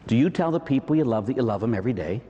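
A Catholic priest with a Pittsburgh accent delivers a sermon, his pitch swinging widely up and down. He keeps throwing rhetorical questions at the congregation. His voice rings out in the long reverb of a large church. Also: racing, muffled recording. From Pittsburgh, USA. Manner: animated preaching, peppered with rhetorical "huh?" and "right?".

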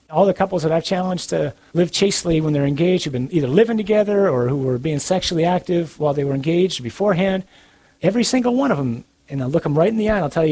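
Husky guy giving a blunt catholic talk, kinda high voice, dry jokes here and there. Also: lively intonation, fast talker, darkish tone. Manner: earnest, blunt, with dry humor. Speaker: Catholic speaker. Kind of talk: sermon-like talk to young adults.

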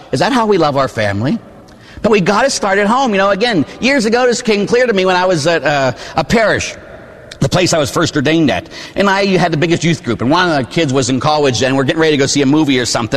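A priest in his forties from Pittsburgh, preaching a sermon with animated storytelling and asides to the congregation. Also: fairly high pitch, big-room sound. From Pittsburgh, USA. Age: 40s. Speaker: Catholic priest. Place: church.

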